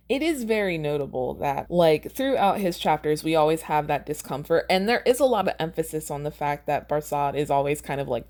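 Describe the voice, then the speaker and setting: A woman's voice: low-pitched, a little mellow. A woman hosting a podcast, reading her own fan fiction aloud and chatting casually about it, laughing at her own lines.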